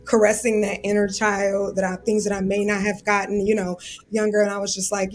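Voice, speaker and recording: An earnest woman speaks as a podcast guest, open and heartfelt, with a voice of ordinary pitch. Faint music plays under her speech. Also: little pitch movement, fairly quick. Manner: earnest, open, emotional when recalling self-soothing. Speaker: guest, civil rights attorney. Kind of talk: podcast interview.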